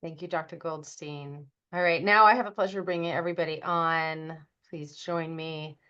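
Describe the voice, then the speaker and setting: A woman's voice: deep voice, steady tone, normal speed, bright, forceful tone, clean tone. A woman moderating a webinar question session, speaking politely. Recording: muffled lo-fi audio.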